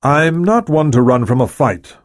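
A man's voice: medium pitch, big pitch swings, normal speed, dry recording, studio quality, voice pushed up, close to an everyday voice. A man voicing a resolute prime minister in an audiobook, firm and defiant.

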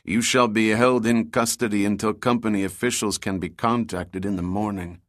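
A man reading an audiobook voices a stern male security guard who speaks in a flat, merciless monotone. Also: on the low side, moderate pace, dry recording, studio quality, close to an everyday voice.

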